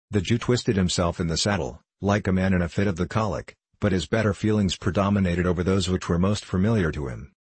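Deep-voiced man narrating a classic novel. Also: fairly quick, few pauses, breathy edge, no echo. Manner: steady, formal storytelling. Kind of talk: audiobook reading of a classic novel.

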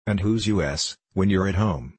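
A man's voice: low voice, normal speed, a little mellow, breathy edge, no echo. A man voicing a scornful, fussy nursemaid in a storybook, bossy in manner.

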